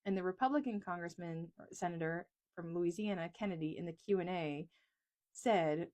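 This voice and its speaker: A woman's voice: fairly low pitch, fairly quick, darkish tone. A woman from East Texas, an economist, talking casually and frankly to camera, joking at her own expense, recorded in a small closet on a lapel mic. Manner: chatty, self-deprecating, frank. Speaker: economist and video creator. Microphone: lapel mic clipped on a pencil.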